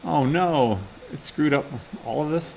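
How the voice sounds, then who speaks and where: A man's voice: on the high side, measured pace, creaky, dark tone, a little hiss or hum. A man teaching a class, talking through live coding and muttering to himself as he types. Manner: casual, mutters to himself while typing. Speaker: instructor.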